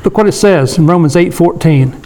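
A man with a high voice leads a Bible study sermon in a relaxed, conversational way. He slows down to read scripture aloud and keeps checking in with his listeners. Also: poor audio. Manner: conversational, asks the room for agreement. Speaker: preacher.

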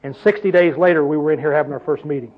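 A man's voice: on the high side, quick pace, dull audio. A man preaching a sermon to his congregation in a church hall, with a preacherly manner full of exclamations. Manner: preacherly, call-and-response exclamations. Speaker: pastor.

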